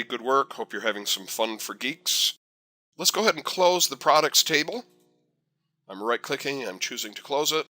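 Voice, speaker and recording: A man teaching a software tutorial over a screen recording, chatty and encouraging with folksy asides. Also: mid-range voice. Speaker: software instructor.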